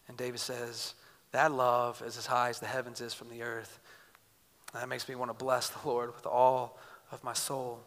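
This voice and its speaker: A man in his thirties preaching a sermon in an earnest, conversational way, shifting between loud bursts and quiet intensity. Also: medium pitch, steady tone, unhurried, pauses often. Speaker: pastor. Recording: reverberant hall.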